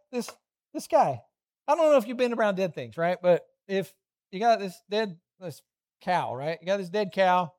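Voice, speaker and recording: A middle-aged man preaches a lively children's sermon, telling stories animatedly with playful voiced asides. His voice sits high.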